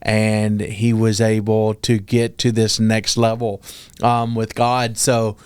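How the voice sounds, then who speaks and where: A male podcast host sums up his guest's story in a slow, measured interview style. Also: lowish voice, monotone, darkish tone, smooth, dry recording.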